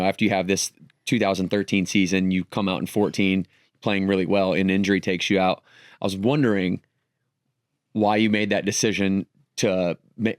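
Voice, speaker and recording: A male podcast host asks thoughtful, supportive questions in a low, level voice. His tone is smooth and clear, recorded close and dry. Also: no room sound. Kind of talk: interview questions.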